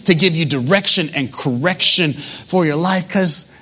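A male pastor delivers a sermon in a relaxed, talk-to-the-room way. He tells stories with animation. His voice sits high and sounds bright. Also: unhurried, slightly rough. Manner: conversational, animated storytelling.

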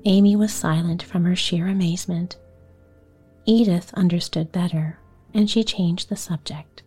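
A woman narrating a bedtime story in a soft, half-whispered, soothing way. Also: lowish voice, steady tone, breathy edge, faint music behind. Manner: soft, slow, partly whispered. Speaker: podcast host, bedtime story reader.

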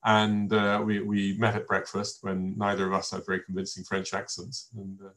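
An older man talks through a wine tasting from his home. His voice sits a little low, and he wanders through his stories with frequent fillers and restarts, in a chatty, unscripted way. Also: completely flat delivery, moderate pace, few pauses, fairly bright tone. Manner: rambling anecdotal storyteller with many fillers and restarts. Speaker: wine presenter. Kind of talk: informal tasting talk to an online audience. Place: home in a village.

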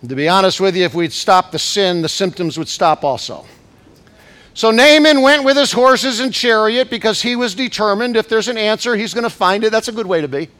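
A man preaching a sermon as bishop, acting out scripture quotes and swinging between shouted climaxes and soft asides. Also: sits high, a little fast. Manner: acts out scripture quotes in raised voice. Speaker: pastor.

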